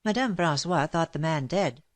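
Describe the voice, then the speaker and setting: A woman narrating a classic novel as an audiobook in a steady, measured reading. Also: low-pitched. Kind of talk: scripted narration.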